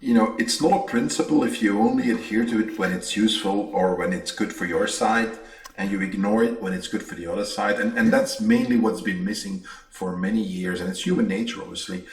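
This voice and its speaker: A man's voice: lowish voice, fast talker, echoey room, recorded from a distance. A man hosting a podcast, arguing his point emphatically with analogies and the odd curse word. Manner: emphatic, argumentative, uses analogies and profanity. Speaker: podcast host. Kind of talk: conversational interview.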